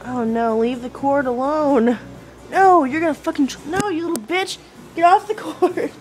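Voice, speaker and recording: A woman's voice: sits high, normal speed, faint music behind, poor audio. A young woman chatting casually at home while filming her pets on a handheld camera, giggling often and swearing offhandedly. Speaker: person filming her cats. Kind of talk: casual home video chat. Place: at home indoors.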